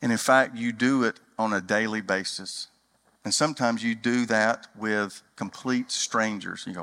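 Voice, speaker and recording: A man's voice: medium pitch, animated, normal speed, bright, forceful tone. A man preaching a sermon as pastor, telling folksy stories and acting out dialogue in a large church hall. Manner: folksy storytelling, acts out dialogue.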